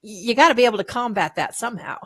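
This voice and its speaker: A woman hosting a casual podcast over a video call, chatty and quick to laugh, sometimes tripping over her words. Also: on the high side, lively intonation, fairly bright tone. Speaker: podcast host.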